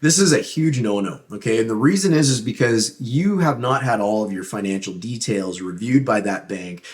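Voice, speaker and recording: A man's voice: lowish voice, lively intonation, moderate pace. A man with a Canadian accent, a real estate agent earnestly walking viewers through buying a home, stressing key words as he presents. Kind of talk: presenting a buyer's guide to camera.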